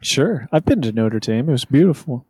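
A man's voice: medium pitch, expressive, moderate pace, dark tone, breathy edge, no room sound. A man co-hosting a comedic podcast, rambling with frequent stammered restarts. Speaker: podcast co-host.

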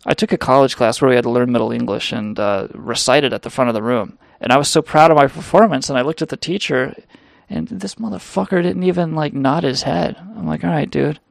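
A man's voice: medium pitch, fairly quick, vocal fry, no room sound, clean studio sound. A man hosting a comedy podcast, telling rambling, crude, self-mocking stories in a casual monologue. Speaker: podcast host.

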